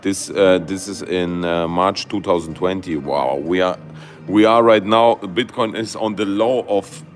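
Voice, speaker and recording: Low-voiced man streaming live chart commentary. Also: a little slow, soft background music. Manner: excitable, loose grammar, many fillers and "guys". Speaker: crypto livestream host.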